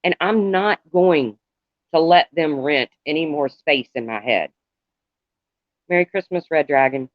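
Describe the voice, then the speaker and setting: A middle-aged man talking to viewers on a live stream in a halting, rambling way, calling out commenters by name. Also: fairly high pitch, animated, no room sound. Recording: dull lo-fi, dry sound.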